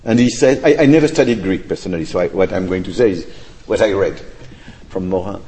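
Low-voiced man in a hall. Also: brisk, mellow. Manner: thoughtful, hesitant, with restarts and hedging. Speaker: speaker answering audience questions. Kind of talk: academic Q&A answer. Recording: echoey lecture hall.

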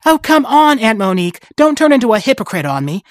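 A woman voicing an eager, rebellious young girl who pleads excitably. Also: on the high side, fast talker, no echo, clean studio sound, voice pushed up. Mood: pleading.

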